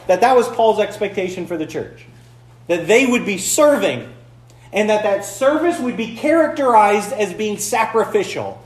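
A man's voice: sits high, animated, moderate pace, roomy sound. A man from the Upper Peninsula of Michigan, preaching a conversational sermon with playful asides, recorded in a church. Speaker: pastor.

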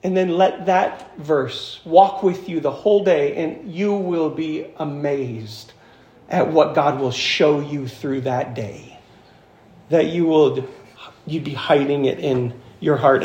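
A man preaching an emphatic sermon as pastor, slowing down to stress key phrases. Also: on the high side, darkish tone. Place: church sanctuary. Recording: echoey church hall.

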